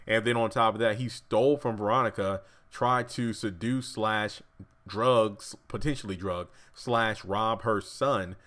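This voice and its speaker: Guy riffing on his tv theory, kinda low voice, rambly, keeps catching himself with dry little asides. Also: a little slow, fairly bright tone. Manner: rambling, self-correcting, wry asides. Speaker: YouTube TV commentator. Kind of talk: casual fan theory commentary.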